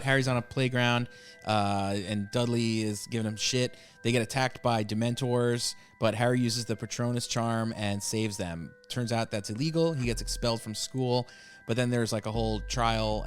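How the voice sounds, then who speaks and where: A man hosting a casual movie podcast, recapping a plot in a loose, rambling way with lots of fillers. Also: fairly low pitch. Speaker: podcast host.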